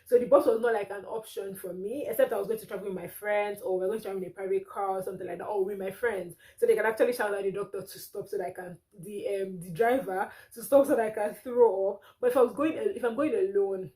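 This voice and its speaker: A woman's voice: mid-range voice, fast talker, hardly any pauses, warm tone, poor audio. A young woman from Nigeria with a Nigerian accent, chatting casually to camera as a vlogger, laughing often as she talks.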